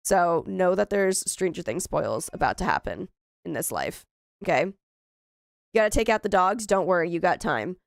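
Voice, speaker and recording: A woman's voice: fairly low pitch, very animated, moderate pace, vocal fry, dry recording, studio quality. A woman in her thirties chatting casually while playing a horror game, often exclaiming in frustration. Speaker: gaming streamer. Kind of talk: casual let's-play commentary.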